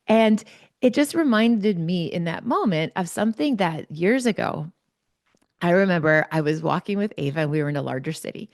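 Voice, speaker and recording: A woman host telling a personal story in an animated, chatty way, peppered with "like". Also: fairly low pitch, normal speed, no room sound, studio quality. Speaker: podcast host, psychologist.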